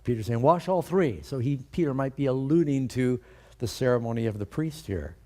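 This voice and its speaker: A man's voice: medium pitch, fairly quick, dark tone. A male pastor preaching a sermon, emphatic and putting rhetorical questions to his congregation.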